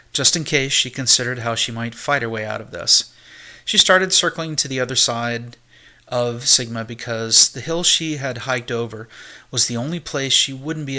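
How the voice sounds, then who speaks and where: Male amateur audiobook narrator, steady and measured, bright voice. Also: medium pitch.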